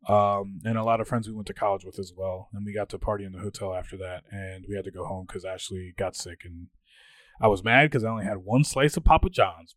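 Casting note: young male podcast co-host, animated storyteller, close dry mic, mid-range voice. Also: medium pitch, no echo. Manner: animated storyteller, acts out quoted friends. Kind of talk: casual chat.

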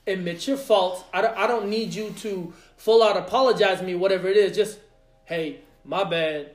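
Soft music sits under this reverberant recording of a high-voiced man at normal speed. Hosting his podcast, he spins a rowdy tale casually, animated and full of profanity as he acts out what people said.

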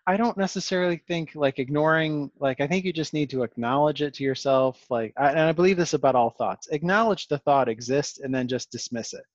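A man's voice: a little high, brisk, hardly any pauses, dry recording, lo-fi sound. A man hosting a podcast in a casual, reflective conversation, talkative and full of fillers and restarts. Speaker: podcast host.

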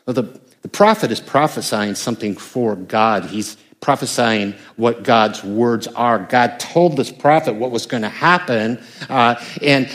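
A man's voice: medium pitch, a little slow, fairly bright tone. An older American man, a pastor, preaching a conversational sermon with emphatic bursts. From United States.

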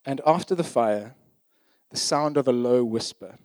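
A man's voice: mid-range voice, lively intonation, unhurried, darkish tone, no room sound. A man preaching a sermon in a conversational, emphatic way, often checking in with his listeners.

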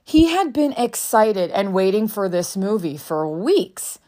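A woman's voice: medium pitch, sing-song, a little slow, mellow. A woman in her thirties, a mother telling a parenting story in a candid, reflective way, swearing now and then. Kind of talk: casual storytelling monologue.

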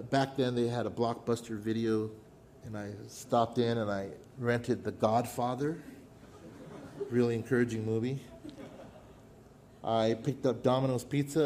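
A middle-aged man preaching a sermon, his voice mellow and warm. He tells a story from his life with dramatic pauses, sometimes dropping to a near hush. A faint ambient hum sits behind him. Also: medium pitch. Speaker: pastor.

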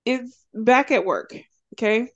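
A woman co-hosting a podcast, casually recapping a TV show and acting out the characters' lines in quick, animated storytelling. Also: fairly high pitch, dull audio. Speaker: podcast co-host.

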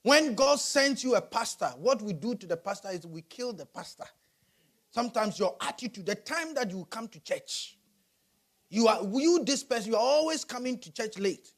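A male pastor preaching a sermon, animated and rising to shouts. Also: high-pitched, moderate pace.

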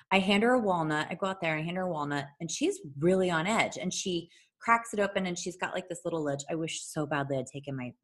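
A woman telling a long story in casual chat, animated, swearing freely and laughing often. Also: deep voice, breathy edge.

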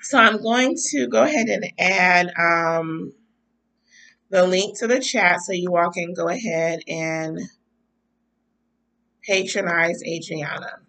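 Bright-voiced chatty woman host, a bit stuffy. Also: lowish voice, slow, pauses often, rough recording. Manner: chatty, warm-spoken with frequent um and y'all. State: stuffy nose. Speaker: podcast host. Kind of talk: casual livestream chat.

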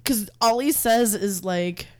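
A woman's voice: mid-range voice, slow, darkish tone. A woman co-hosting a comedy podcast in casual chat, often laughing through her sentences. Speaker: podcast co-host.

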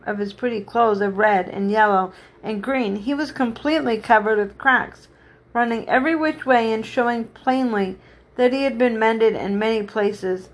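A woman reads a children's story aloud with a slightly high voice. Her reading is unpolished, and she often stops to restart a line. The pace is steady and plain. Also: normal speed. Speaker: reader.

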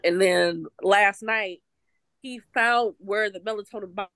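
A woman's voice: mid-range voice, unhurried, a bit bright, no echo. A woman co-hosting a podcast, chatting casually about parenting and rambling with lots of fillers and restarts. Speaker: podcast co-host. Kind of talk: casual chat.

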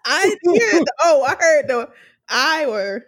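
A woman co-hosting a casual podcast, laughing a lot as she teases her friends. Her voice swings widely up and down and sits a little high. She drops in the odd swear word. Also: a little slow. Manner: laughs often, swears, animated teasing. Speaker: podcast co-host. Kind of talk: casual chat.

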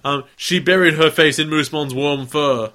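A man with a fairly high, bright voice, reading a fan story aloud in a loose, casual way. He stumbles now and then and breaks off to laugh and tease. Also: normal speed. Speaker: podcast co-host reading fanfic. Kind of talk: casual read-aloud narration.

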